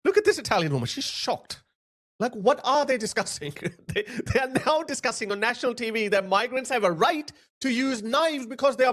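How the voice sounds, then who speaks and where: Male online commentator, swings pitch all over, blunt and sarcastic. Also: lively intonation, brisk, a bit bright. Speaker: political commentator. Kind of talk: casual commentary on video clips.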